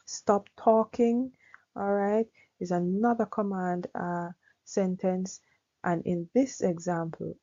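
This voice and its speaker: Slow, gravelly-voiced woman teaching grammar. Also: lowish voice, warm tone, dull audio. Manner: unhurried, explanatory, frequent "all right". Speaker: English teacher. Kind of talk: grammar lesson.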